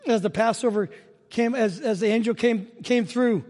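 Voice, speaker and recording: A man's voice: very high-pitched, moderate pace, a little mellow, long reverb tail. A man preaching a sermon as pastor, telling stories in a chatty, joking way. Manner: conversational storytelling with humor.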